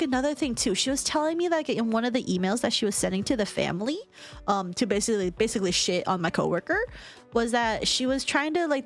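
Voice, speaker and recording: A young woman rambles through a storytime vlog in a chatty, profane way, laughing often and leaning on fillers. Her voice sits a little high and swings animatedly up and down. Soft music plays faintly underneath. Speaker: vlogger. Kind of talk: casual storytime retelling.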